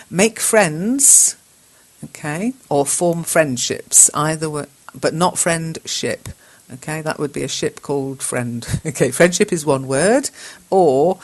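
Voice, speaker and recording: A woman hosting an English-learning chat show, patiently reading out learners' messages and spelling corrections letter by letter, with frequent chuckles. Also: low-pitched. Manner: patient, spells words out slowly, chuckles often.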